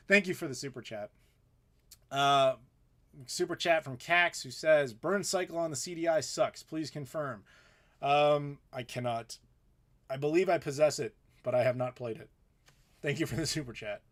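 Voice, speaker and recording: Male streamer in his thirties, relaxed, rambling live Q&A delivery. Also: medium pitch. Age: 30s. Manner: casual, rambling, reading chat aloud. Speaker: YouTube host. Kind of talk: live Q&A chat.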